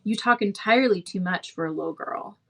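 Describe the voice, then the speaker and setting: A woman's voice: medium pitch, a little fast, creaky, a bit bright. A woman voicing a stern older woman who speaks in a clipped, curt way. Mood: exasperated.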